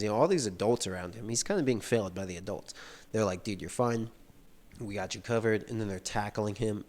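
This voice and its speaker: Lowish guy reading a book out loud n chatting about it, super casual, lots of likes. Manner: reads passages aloud then explains them loosely, many "like" fillers. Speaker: book reader and commentator. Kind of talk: casual read-along commentary.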